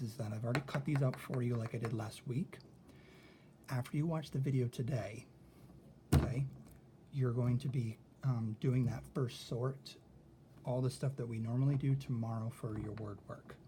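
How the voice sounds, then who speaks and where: A man teaching a recorded lesson, thinking out loud as he works through examples and often checking in with "okay?". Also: medium pitch, background noise.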